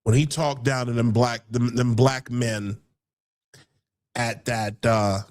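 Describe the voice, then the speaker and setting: A man's voice: mid-range voice, steady tone, takes it slowly, darkish tone. A man hosting a casual political talk show, heated and rambling, often repeating words as he builds his point. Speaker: podcast host.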